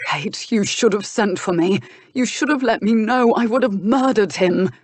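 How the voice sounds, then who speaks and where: A woman narrator voicing an earnest young gentleman who presses urgently for answers. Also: medium pitch, normal speed, no echo, pitched above the performer's own voice, lightly acted. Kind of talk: audiobook dialogue reading.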